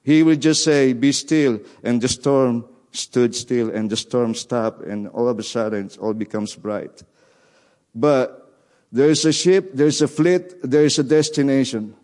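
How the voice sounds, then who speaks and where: A man preaching in an earnest sermon voice, at an ordinary middle pitch. He keeps repeating his key phrases, and his grammar is that of a non-native speaker. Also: measured pace, a little mellow. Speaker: guest preacher.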